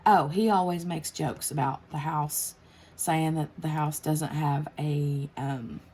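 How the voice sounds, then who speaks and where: A woman's voice: low voice, fairly even intonation, slow pace, a little mellow, slightly rough. A woman, chatting casually on her craft channel while she works, rambling with lots of fillers and restarts. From United States.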